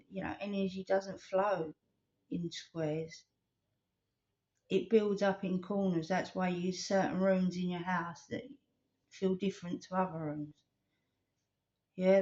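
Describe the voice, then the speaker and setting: A woman's voice: fairly low pitch, a little mellow. A woman, rambling earnestly in a casual vlog and telling stories with animation. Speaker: vlogger. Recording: slightly dull lo-fi recording.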